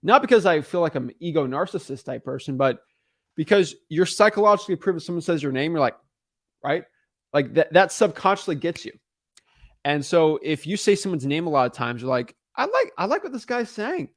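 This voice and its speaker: A man's voice: a little high, lively intonation, a little fast, no room sound, clean studio sound. A man teaching real estate wholesaling in a casual monologue, often checking in with "right?" and "okay?" and restarting his sentences.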